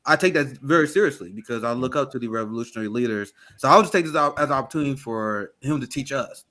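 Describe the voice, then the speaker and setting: Bright tense-sounding podcast host dude, laughs a lot. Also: male voice, medium pitch, fast. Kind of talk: casual political podcast chat.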